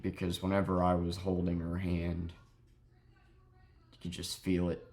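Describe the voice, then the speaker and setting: A young man telling a sad story in a halting, grieving way, close to crying, in a confessional vlog. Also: deep voice, completely flat delivery, a little mellow. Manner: halting, heavy with grief, self-critical. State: near tears. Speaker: vlogger.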